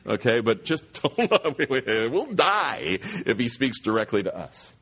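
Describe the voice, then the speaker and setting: Husky, lively male preacher. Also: medium pitch, measured pace, hardly any pauses. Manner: animated storytelling, frequent restarts and humor. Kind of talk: expository sermon.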